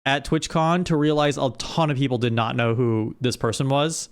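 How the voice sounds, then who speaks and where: A man's voice: medium pitch, steady tone, moderate pace. A man streaming live, chatting casually with his audience and often restarting his sentences. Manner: rambling, with frequent restarts.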